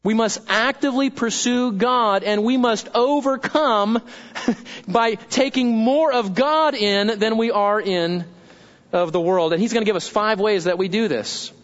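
A man's voice: sits high, unhurried, fairly bright tone. A man preaches a sermon. He is emphatic and repeats his key phrases as he quotes scripture. The recording sounds dull and lo-fi. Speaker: pastor.

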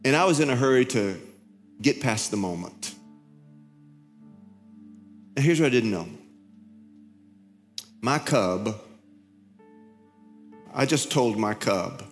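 A middle-aged man preaching a sermon in a conversational, confessional way, telling a story with many halting restarts. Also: on the low side, expressive, big-room sound, faint music behind. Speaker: pastor.

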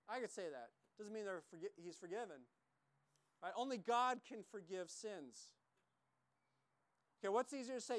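A man's voice: sits high, dry recording. A man preaching a sermon, emphatic and repetitive, acting out quoted lines as he teaches. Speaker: pastor.

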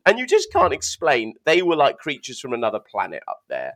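A young man co-hosting a casual podcast chat, telling animated, self-mocking stories and stumbling over his words. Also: mid-range voice, a little fast. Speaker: podcast co-host.

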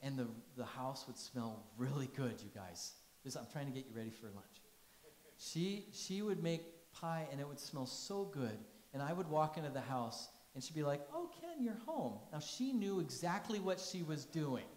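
A man's voice: medium pitch, normal speed, a little mellow, echoey room, rough recording. A man giving a conversational sermon, telling stories and asking the congregation questions. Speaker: pastor.

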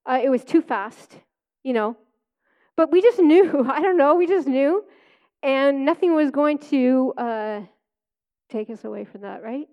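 Middle-aged female preacher with a high voice, chatty testimony storyteller who laughs easily. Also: muffled recording. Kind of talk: personal testimony sermon.

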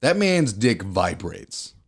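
A man co-hosting a casual comedy podcast, telling crude jokes and animated stories. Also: on the low side, takes it slowly, gravelly, slightly rough. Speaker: podcast co-host.

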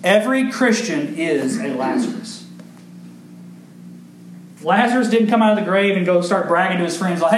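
A man's voice: high voice, lively intonation, moderate pace, pauses often. A man preaching a sermon to his congregation as pastor, with emphatic rises and questions thrown to the room. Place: church sanctuary. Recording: echoey church room with faint background noise.

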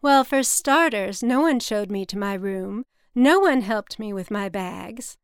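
A woman's voice: medium pitch, animated, a little slow, clean tone, no room sound, studio quality. Woman putting on a brash, brassy paranoid mother. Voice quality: brassy and blunt.

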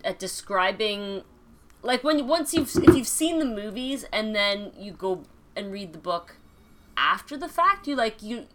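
A young woman in a casual chat among friends, animated and profane, full of "like". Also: mid-range voice, measured pace, heavy background noise. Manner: animated, swears, fills with "like".

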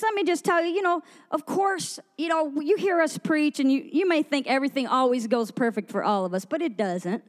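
A woman preacher telling an animated story in a sermon to a women's gathering, acting out the people she quotes. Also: high voice, in a large hall. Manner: animated, acts out quoted voices.

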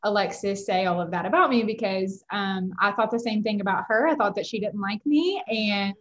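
A woman from Kentucky with a light Kentucky accent, chatting as a podcast guest in a warm, gushing, giggly way. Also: mid-range voice, moderate pace, lo-fi sound. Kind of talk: casual chat.

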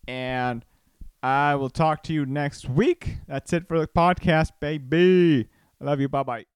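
A man's voice: a little high, measured pace, smooth, dry recording. A man hosting a casual solo podcast, rambling and joking with lots of fillers and restarts. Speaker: podcast host.

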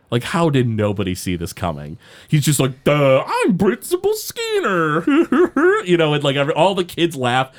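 A man recapping a cartoon episode in casual podcast chat, rambling and halting with many fillers. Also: on the high side.

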